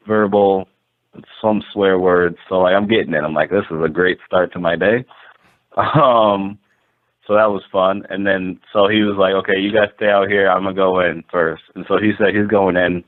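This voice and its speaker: A man, a landlord guest, telling a story casually and rambling, full of "like" and acted-out quotes. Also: sits low. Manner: rambling, animated, lots of "like" and quoted dialogue. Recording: tinny phone-like line.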